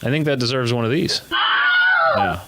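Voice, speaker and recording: A man's voice: medium pitch, expressive, normal speed, raised voice, very noisy. A man hosting a comedy show, delivering a jokey news monologue with self-mocking, rambling asides.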